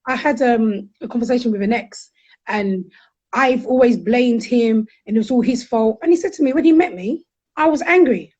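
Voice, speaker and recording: Animated high-voiced woman, frank and lively. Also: lo-fi sound. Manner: animated, frank, quick to act out quotes. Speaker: guest counsellor. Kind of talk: candid conversational storytelling.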